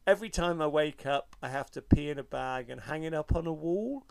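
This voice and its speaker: A man's voice: a little high, fairly quick, vocal fry, slight background noise. A middle-aged man, a podcast co-host, telling stories in a wry, self-mocking way and swearing freely in casual chat.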